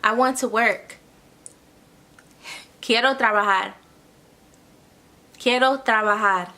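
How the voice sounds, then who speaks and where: A woman with a bright, forceful voice pitched a little high teaches an online language lesson. She walks through each point patiently, repeating phrases and checking in with a quick "okay?". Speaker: Spanish tutor.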